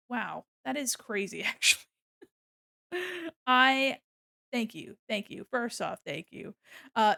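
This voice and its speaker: A young adult woman hosting a charity live stream, gushing and excitable, often laughing as she thanks donors. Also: a little high, vocal fry. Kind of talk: casual live-stream chat.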